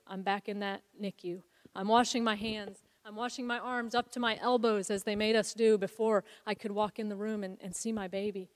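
A woman preaching a sermon as co-founder of a ministry, telling a Bible story in an earnest, reflective way. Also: medium pitch. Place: church sanctuary. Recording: long hall reverb.

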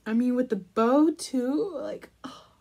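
A woman chatting casually in a crochet vlog, gushing over a pattern book and trailing off into soft murmurs. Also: sits high, takes it slowly. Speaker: crochet vlogger.

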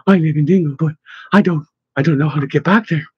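A woman's voice: sits low, fast, husky, highs cut off. A man voicing a frightened, lost young woman. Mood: anxious. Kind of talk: audiobook narration.

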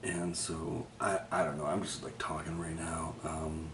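A man's voice: very deep voice, flat delivery, measured pace, background noise. A man talking to the camera in a rambling personal monologue, swearing constantly and laughing between thoughts. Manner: profane, rambling, laughs often. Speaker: vlogger.

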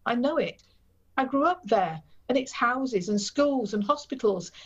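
A woman's voice: fairly high pitch, animated, measured pace, breathy edge, pitched above the performer's own voice. A woman reading the part of a young German baker, earnest and sorrowful, in a dull recording. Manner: pleading, sad.

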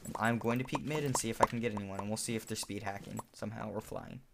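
Guy w a lowish voice chatting over his shooter gameplay, self-deprecating, gets loud and excited at times, noisy mic, keyboard clicks + gunfire behind. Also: fast talker, creaky. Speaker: gamer commentating his own match. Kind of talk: casual gameplay commentary. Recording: noisy home recording with background hiss. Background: keyboard clicks and in-game gunfire.

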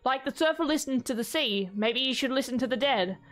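A woman's voice: high voice, fairly quick, lightly acted. A woman voicing a laid-back surfer-dude male priest in a game, full of dude and bro slang.

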